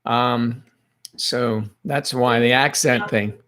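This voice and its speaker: A man's voice: mid-range voice, fairly even intonation, takes it slowly, a bit bright. Playful man chatting on a livestream. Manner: playful, teasing, greets viewers by name. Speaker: livestream host. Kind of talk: casual live chat.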